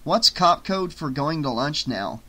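A lazy, hungry policeman grumbles in a slightly raised, slow voice, as a male narrator voices him. The tone is bright and lightly complaining. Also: on the high side, very animated, full character voice. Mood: grumbling.

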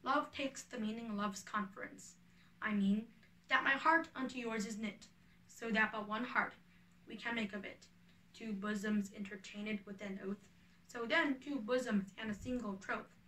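An ardent young male lover, read by a woman in earnest verse. The voice is bright and fairly high, heard from a little distance. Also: steady tone, moderate pace, echoey room. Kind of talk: reading a play aloud.

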